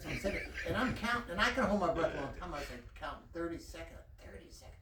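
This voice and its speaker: A man's voice: a little high, big pitch swings, quick pace, echoey room, distant mic, background noise. A man telling a long personal story in casual, profane talk, laughing as he goes.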